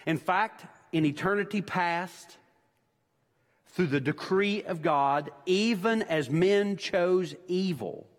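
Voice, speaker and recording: A man's voice: sits high, slow pace. A man preaching a sermon as pastor, emphatic and repeating his key points for weight. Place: church sanctuary. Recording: long church-hall reverb.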